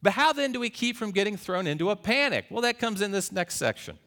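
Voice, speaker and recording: Man, pastor, sermon, bright voice, slightly high pitch, earnest and emphatic. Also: very animated, brisk. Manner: earnest storytelling, rising to emphatic peaks.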